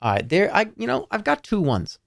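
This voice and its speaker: A male streamer who narrates the game's prose with a very animated pitch and breaks off playfully to comment. The sound is close and dry. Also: fairly quick, vocal fry, dry recording. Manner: lively, playful and expressive. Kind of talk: reading game text aloud and commenting.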